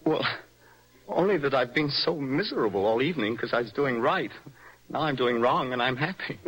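A nervous, dreamy young poet. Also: male voice, mid-range voice, expressive, moderate pace, a bit bright, husky, low-quality recording. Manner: poetic, impassioned, mocking. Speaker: young poet in love with a married woman. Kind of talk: stage play acted for radio.

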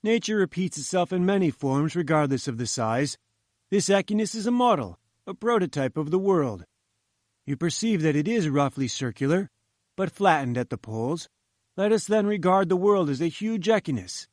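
A man's voice: on the high side, big pitch swings, normal speed, a little mellow, no echo, studio quality, voice pushed up. A man doing a pompous old professor. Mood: lecturing. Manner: condescending, lecturing. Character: pompous, patronizing older male professor. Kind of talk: audiobook reading.

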